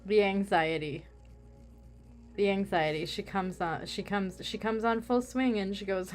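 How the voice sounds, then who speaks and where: A woman's voice: mid-range voice, steady tone, measured pace, faint music behind. A woman craft vlogger chatting casually while she works, rambling with self-mocking humor.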